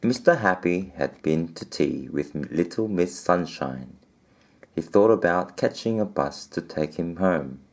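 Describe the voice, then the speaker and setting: Low, slow man reading a children's story, playful asides. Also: lively intonation. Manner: gentle, playful asides to the listener.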